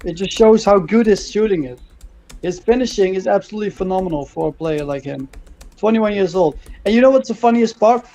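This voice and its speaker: A man from the Netherlands, chatting excitedly about football on a live stream, peppering his talk with "like". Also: sits high, a little fast, poor audio. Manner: excitable, uses "like" a lot. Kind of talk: casual live-stream chat.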